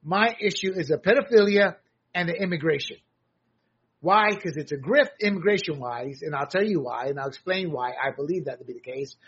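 A man's voice: on the high side, brisk, fairly bright tone, slightly rough, dull audio. An American man giving blunt, sarcastic solo commentary, often restarting his sentences. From United States.

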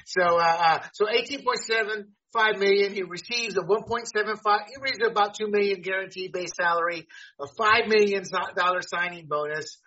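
A man's voice: high-pitched, normal speed, bright, forceful tone. A man hosting a casual sports talk show, blunt and joking. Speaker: podcast host. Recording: dull lo-fi audio.

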